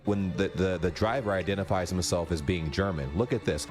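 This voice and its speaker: A man hosting a reaction video, talking in a casual, animated and incredulous way. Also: low voice, fairly quick, over music.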